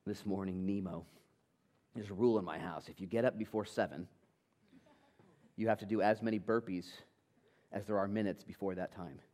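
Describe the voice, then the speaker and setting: A middle-aged man preaching a sermon as pastor, swinging from loud emphasis to soft, intimate tones. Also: on the low side, steady tone, moderate pace, pauses often. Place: church sanctuary.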